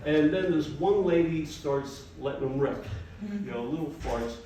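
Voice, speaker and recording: A brash older man telling profane stand-up stories with a fairly high voice. The voice bounces around a very echoey room and is heard from far off. A live audience sits close by. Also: moderate pace, crowd noise. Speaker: stand-up comedian. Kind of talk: stand-up comedy. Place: former yoga studio.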